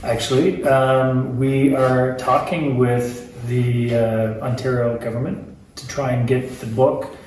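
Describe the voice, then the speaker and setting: A man's voice: medium pitch, flat delivery, slow, a little mellow, heavy reverb, recorded from a distance, slight background noise, low-quality recording. A man talking casually as an author in an interview, chatty and joking, with many fillers and restarts.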